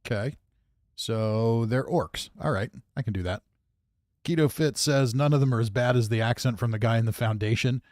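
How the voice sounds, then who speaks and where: A man's voice: medium pitch, moderate pace, darkish tone, no echo, clean studio sound. A man streaming a game, giving casual commentary in a grumpy, offhand way and reading out chat comments. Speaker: gaming streamer.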